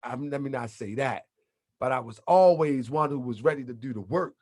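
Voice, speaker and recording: A man's voice: mid-range voice, moderate pace, a little mellow. A man hosting an online show, talking loosely and in slang to his viewers as family, live from his home computer setup. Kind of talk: casual livestream talk.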